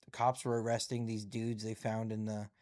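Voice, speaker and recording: A man's voice: lowish voice, level tone, moderate pace, a little mellow. A man hosting a live stream, casually chatting and reading headlines aloud with musing asides.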